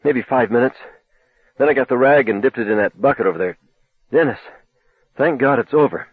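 A man's voice: mid-range voice, a little fast, husky, dry recording. A man voicing a frightened young woman who pleads breathlessly and verges on tears. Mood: relieved. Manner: breathless, pleading, rising to panic. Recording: tinny phone-like dry recording.

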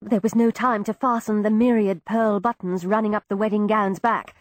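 A woman giving expressive first-person narration of an audiobook, voicing each character. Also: medium pitch, normal speed, no room sound.

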